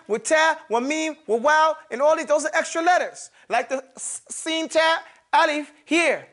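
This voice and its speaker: A man's voice: very high-pitched, a bit bright. A man teaching a classroom grammar lesson, repeating words and often checking that students follow. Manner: repetitive, checks understanding with "okay?" and "you follow me?". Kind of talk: classroom lesson, explaining at a board.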